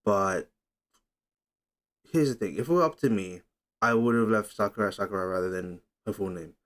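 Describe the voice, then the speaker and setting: A man's voice: lowish voice, moderate pace. A young man hosting a casual livestream, chatting loosely, reading comments aloud and fumbling with his setup. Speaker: livestream host.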